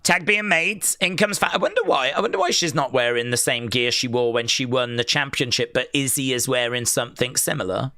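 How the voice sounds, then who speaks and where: A man giving excitable, jokey play-by-play on a live wrestling watch-along and reading viewer comments aloud. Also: medium pitch, fairly quick, hardly any pauses, no echo.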